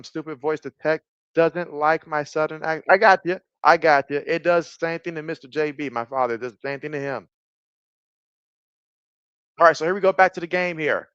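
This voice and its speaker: Male streamer, slightly high voice, chatty play-by-play over a dull, dry mic. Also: smooth, dry recording. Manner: chatty, reads viewer comments aloud, bursts of excitement on plays. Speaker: sports streamer doing play-by-play and chat. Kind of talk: casual live-stream commentary.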